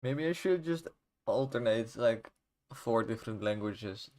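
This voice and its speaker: A Dutch-accented man talks casually to his stream audience while he works on a game. He rambles and jokes at his own expense, and his voice sits at an ordinary middle pitch for a man. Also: animated, a little slow, darkish tone. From Netherlands. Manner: rambling, self-mocking, jokey. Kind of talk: casual livestream chat.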